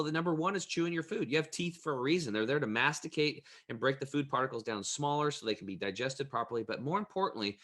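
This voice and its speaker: Bright-voiced energetic man telling stories. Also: medium pitch. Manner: energetic, emphatic storyteller; folksy, plain-spoken. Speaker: guest. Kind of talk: casual interview storytelling.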